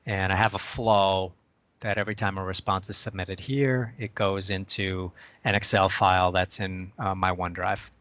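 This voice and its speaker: A man on a video call sharing his screen and walking through a software demo step by step in a chatty way. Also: deep voice, level tone, normal speed, dry recording. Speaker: co-presenter.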